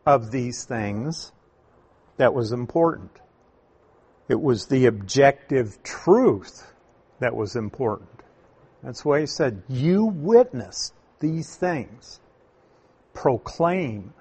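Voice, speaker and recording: A man teaching from the Bible, explaining Greek wording in a deliberate, emphatic way and asking rhetorical questions. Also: medium pitch, expressive, a little mellow, breathy edge. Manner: emphatic, repeats key points, asks rhetorical questions; slow, deliberate delivery with stressed words.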